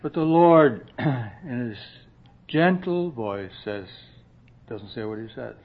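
A man preaching a sermon in a slow, earnest way, often dropping to a soft hush and clearing his throat. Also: medium pitch, animated. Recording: dull lo-fi recording.

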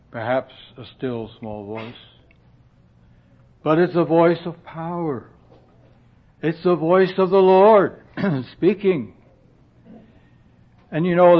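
A man preaching a sermon in a slow, earnest way, often dropping to a soft hush and clearing his throat. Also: a little high. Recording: dull lo-fi recording.

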